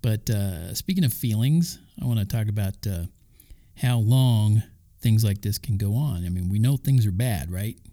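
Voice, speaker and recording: A man talks through a devotional message in a relaxed, chatty way, tossing in asides and little chuckles. His voice sits low and sounds very dark and mellow. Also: normal speed. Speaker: Christian podcast host. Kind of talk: casual devotional talk.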